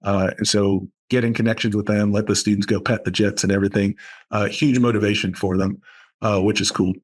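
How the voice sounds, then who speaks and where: This guest on a podcast interview is a man from Boston with a fairly low, brisk voice. He animatedly and enthusiastically recounts stories from his college aviation program.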